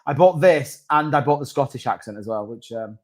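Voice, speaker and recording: A man's voice: mid-range voice, expressive, a little fast. A man hosting a casual crypto live stream, rambling and reading out viewer comments.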